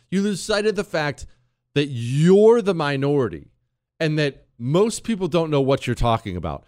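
A male talk show host giving opinionated commentary in an animated, sarcastic way, bantering with his producer. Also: mid-range voice, no room sound, clean studio sound.

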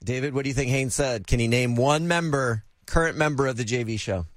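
A man hosting a radio morning show game in a jokey, animated way. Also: medium pitch, fairly quick, no room sound, studio quality.

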